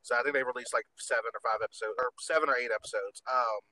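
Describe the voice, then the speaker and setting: A man's voice: medium pitch, steady tone, racing, bright, forceful tone, poor audio. A man hosting a podcast in casual chat, campy and gossipy, swearing freely. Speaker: podcast host.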